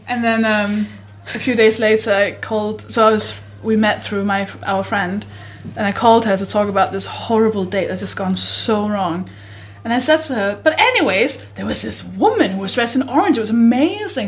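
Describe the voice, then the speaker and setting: A woman co-hosting a comedy podcast, telling stories in a casual, giggly way and bursting into shouted quotes. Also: fairly high pitch, a little fast, slight background noise. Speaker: podcast co-host.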